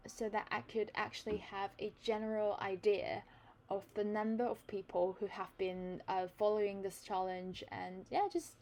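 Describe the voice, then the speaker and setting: A woman's voice: medium pitch, darkish tone. A woman hosting an online reading lesson, explaining a news article to viewers in a chatty, friendly teaching manner. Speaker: host of a reading lesson channel.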